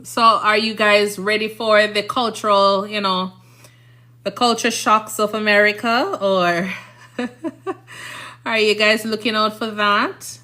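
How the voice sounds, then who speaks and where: A woman's voice: mid-range voice, steady tone, slow, sharp tone. A woman from Jamaica with a Jamaican accent, a nurse chatting casually on a livestream, rambling and often checking "you understand?".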